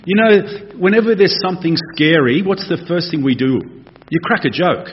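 A man preaching a conversational, animated expository sermon. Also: on the high side, normal speed, slight background noise. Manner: animated, conversational, acts out voices. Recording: dull lo-fi recording.

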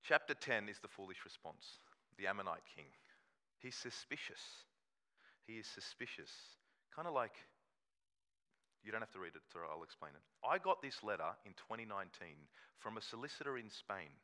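A man's voice: lowish voice, sing-song, normal speed, bright, forceful tone. A man, preaching a sermon in a conversational storytelling way and acting out quoted voices. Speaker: pastor.

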